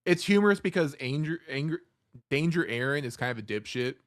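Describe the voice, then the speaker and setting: A man's voice: a little high, expressive, a little fast, no echo, studio quality. A man co-hosting a podcast in casual chat, laid back, chuckling and adding details to the story. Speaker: podcast co-host.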